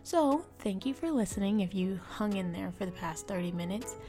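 A woman's voice: mid-range voice, animated, normal speed, mellow, faint music behind. A young woman hosting a podcast, telling a personal story in a frank, confessional way and swearing freely. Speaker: podcast host.

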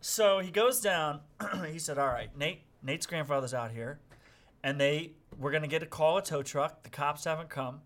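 Middle-aged guy telling a story on a podcast, bright voice, gets loud and dramatic when he quotes people. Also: fairly high pitch, moderate pace. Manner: animated, acts out quotes with loud outbursts. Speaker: podcast guest. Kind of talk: casual storytelling.

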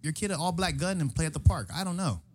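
A man's voice: on the high side, animated, fast, slight background noise. A man in casual chat, telling a story with lots of swearing and acting out the quoted lines. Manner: profane storytelling, acts out quotes loudly.

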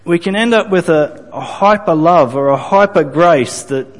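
A man preaching a sermon to his congregation, earnest and deliberate, repeating phrases and restarting sentences as he builds his point. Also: a little high, long reverb tail. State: briefly choked up. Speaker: pastor.

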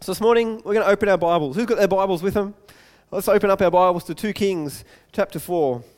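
Pastor guy preaching, smooth clear voice, earnest, stumbles on repeated words, echoey hall. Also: high-pitched, fast, a little mellow. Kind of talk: sermon.

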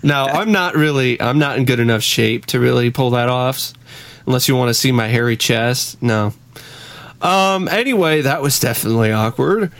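A man in casual podcast chat who talks in an easygoing way and laughs along. His voice comes through a clear, crisp microphone. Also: medium pitch, moderate pace, fairly bright tone, no room sound. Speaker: podcast co-host. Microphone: clear, crisp studio mic.

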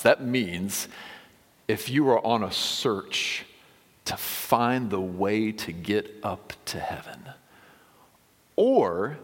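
A man preaching a conversational sermon, often dropping to a hushed whisper on key lines. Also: on the low side. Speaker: pastor. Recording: long hall reverb.

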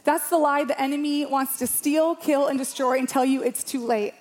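A woman's voice: high-pitched, steady tone, moderate pace, darkish tone. A woman around forty, a pastor, preaching a sermon to a church congregation in a passionate, emphatic way, repeating phrases for rhythm.

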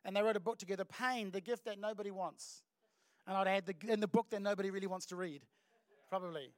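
A middle-aged New Zealand pastor preaches from a church stage, his voice pitched high for a man. He tells stories with animated energy, acting out the voices of the people in them. The sound is dry and close, with little room echo. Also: fast talker. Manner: animated storytelling with acted voices and laughs. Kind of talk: sermon.

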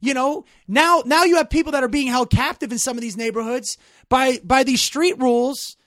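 A man's voice: extremely high pitch, moderate pace, a bit bright, no room sound, studio quality. A man in casual talk, speaking bluntly and profanely, rambling with many restarts and growing emphatic. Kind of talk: casual chat.

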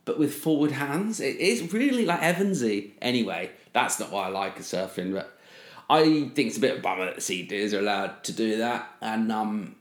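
A man chats loosely on a podcast, rambling through stories with plenty of fillers and the odd swear. His voice sits a little low. The room around him adds a noticeable roomy echo. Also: moderate pace. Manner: rambling, animated, swears casually, many fillers. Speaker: podcast co-host. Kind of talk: casual chat.

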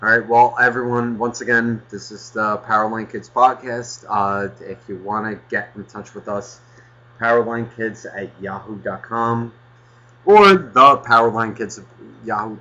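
A man rambles through a casual podcast with a bright, forceful edge, cursing freely and working himself into mock rants. The recording is dull and lo-fi, like a home setup. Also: fairly low pitch, a little slow. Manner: rambling, swears often, flares into mock anger. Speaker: podcast host.

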